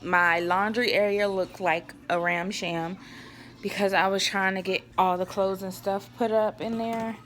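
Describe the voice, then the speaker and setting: A woman's voice: mid-range voice, fairly even intonation, a little slow, a bit bright, a little hiss or hum. A young woman chatting to viewers in a casual home cooking vlog, sighing now and then and fighting back tears, recorded on a camera on a tripod in her kitchen. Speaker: vlogger.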